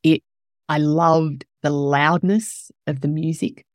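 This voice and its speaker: Clean studio audio with no echo captures a woman podcast host whose low-pitched voice is slow and fairly even in intonation. Sharing a personal story, she's candid and swears, her emotion building until she becomes tearful at times.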